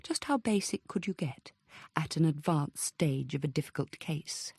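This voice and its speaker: A woman reading a shaken, weary woman detective who answers in terse, flat replies. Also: low-pitched, moderate pace, husky, dry recording, exaggerated voice.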